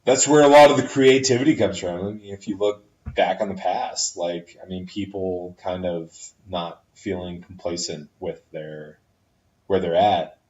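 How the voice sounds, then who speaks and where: Low, blunt male podcast guest, candid and profane, recorded far off in an echoey room on dull, lo-fi audio. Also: normal speed, a little mellow. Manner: frank, swears freely, candid advice. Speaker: friend giving advice. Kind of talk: casual podcast chat. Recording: roomy, distant, dull lo-fi audio.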